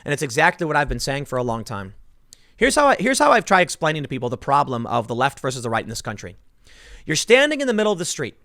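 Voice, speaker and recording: A man giving opinionated, sarcastic commentary for his vlog in an emphatic, animated way. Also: medium pitch, fast, no room sound. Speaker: political commentator. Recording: dry close-mic sound.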